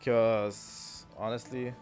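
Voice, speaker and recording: A man's voice: mid-range voice, little pitch movement, extremely slow, darkish tone, soft background music. A man streaming a video game, talking to himself in a loose, thinking-aloud way with frequent ums and restarts. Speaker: gaming streamer. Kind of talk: casual let's-play commentary.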